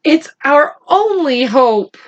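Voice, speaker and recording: Woman playing a young boy, brave, hushed, urgent, slow, storybook reading. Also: sits high, very animated, dull audio, voice pushed up, exaggerated voice.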